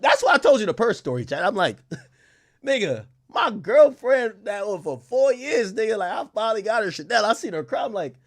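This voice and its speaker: A young man streaming casually, reading messages aloud to his chat and reacting with loud outbursts. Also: high voice, big pitch swings, moderate pace. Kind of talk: casual live-stream commentary.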